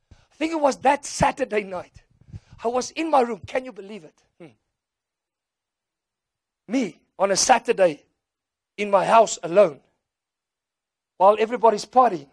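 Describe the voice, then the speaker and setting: Man, South African accent, native Afrikaans speaker, animated sermon storytelling, dry close sound. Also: sits high, measured pace, long pauses, dry recording. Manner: animated storytelling, acting out voices and mixing in Afrikaans phrases. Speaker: preacher.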